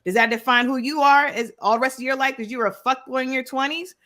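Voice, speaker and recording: A woman's voice: sits high, quick pace, a bit bright. A woman calling into a show, arguing firmly and insisting on getting her point across. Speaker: call-in guest. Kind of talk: heated debate.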